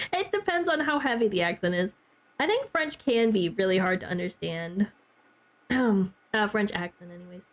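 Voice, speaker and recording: A young woman streaming a game, chatting casually with her chat and peppering her talk with "like" and little laughs. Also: a little high. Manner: chatty, heavy use of "like", frequent laughs.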